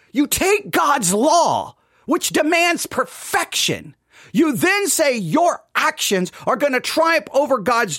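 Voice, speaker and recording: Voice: high-pitched, fairly bright tone, no room sound, studio quality. A commentator reacting to a sermon clip with emotional, exasperated ranting and sarcastic mimicry.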